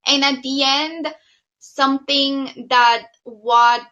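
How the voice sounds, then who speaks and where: A woman co-hosting a podcast with her partner in relaxed casual chat, often pausing on "um". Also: high-pitched, highs cut off. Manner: relaxed, with frequent "um" fillers. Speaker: podcast co-host.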